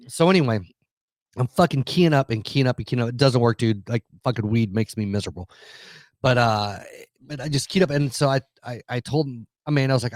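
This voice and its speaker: A man rattles off a story at a brisk clip, swearing constantly as he vents. His voice sits at a middle pitch, and the sound is dry and close. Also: dry recording. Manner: profane, heated storytelling. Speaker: podcast co-host. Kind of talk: casual podcast chat.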